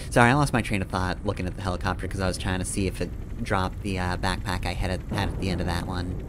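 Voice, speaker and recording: A man with a low voice gives casual, rambling commentary over his gameplay. He corrects himself mid-sentence and chuckles as he goes. A faint hiss sits under his voice. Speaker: game streamer.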